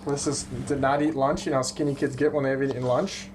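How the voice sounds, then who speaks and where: A man's voice: mid-range voice, level tone, fast talker, darkish tone, a little hiss or hum. A man tasting a fish dish, joking and teasing in playful banter while he eats. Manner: playful, teasing, talks with mouth full.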